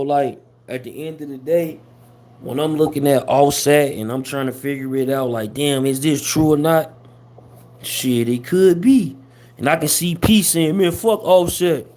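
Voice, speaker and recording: A man's voice: mid-range voice, mellow. Slangy man chatting on a livestream. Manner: loose slangy talk with many fillers. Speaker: host of a hip-hop gossip livestream. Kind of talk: casual livestream chat.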